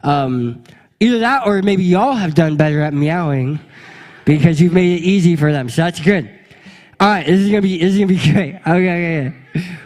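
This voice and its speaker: A male pastor giving a lively, playful sermon, leading his congregation in a meowing game before telling a story. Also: fairly high pitch, brisk. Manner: playful, energetic, leads the crowd in a meowing game. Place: church sanctuary before a congregation.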